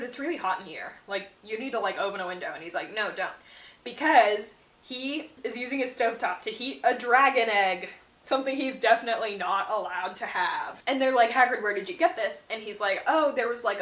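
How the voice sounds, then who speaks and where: A woman's voice: medium pitch, a bit bright. A woman hosting a book channel, giving a casual, chatty recap and slipping in and out of the characters' quoted lines. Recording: roomy echo, mic at a distance.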